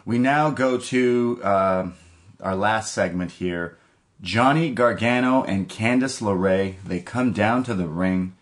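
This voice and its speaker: A man's voice: on the low side, slow. A man co-hosting a podcast, recapping a wrestling show in loose, rambling casual chat with many restarts. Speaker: podcast co-host.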